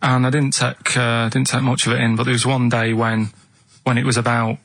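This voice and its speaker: A man with a Mancunian accent telling a rambling story in a plain, deadpan way, speaking on a radio show in a studio. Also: mid-range voice, fairly quick, creaky. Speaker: radio regular. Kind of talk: casual storytelling chat.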